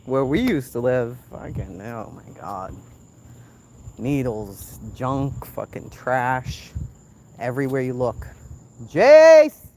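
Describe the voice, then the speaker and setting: A woman from the southern United States, with a bass voice and a slow pace, chats casually on a phone stream while walking outside at night as host of her channel. She's talkative, shouts loudly to her kid, and sometimes drops to a whisper. There's a little hiss or hum in the audio.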